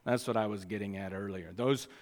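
Emphatic preacher in a reverberant hall. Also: male voice, mid-range voice, expressive, a little slow. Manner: swings from quiet asides to loud emphatic declarations. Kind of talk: sermon.

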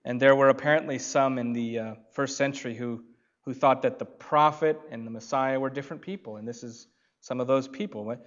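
A man, a pastor, preaching a sermon in an emphatic manner, drawing out key words with long pauses. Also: mid-range voice, fairly even intonation, highs cut off.

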